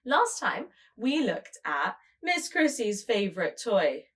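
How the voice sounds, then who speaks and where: A woman preschool teacher leading a show-and-tell lesson, speaking slowly and in a sing-song way to small children. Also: mid-range voice, sing-song, a bit bright.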